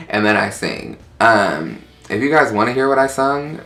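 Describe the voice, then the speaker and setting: A young man telling a story in casual chat, sassy and animated, acting out quotes in high voices. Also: normal speed, gravelly, hardly any pauses.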